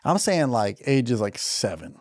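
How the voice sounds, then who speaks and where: A man co-hosting a podcast, teasing his partner and jumping into squeaky mock voices. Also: very animated, unhurried, a little mellow, no room sound, clean studio sound. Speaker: podcast co-host. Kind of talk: crude casual banter.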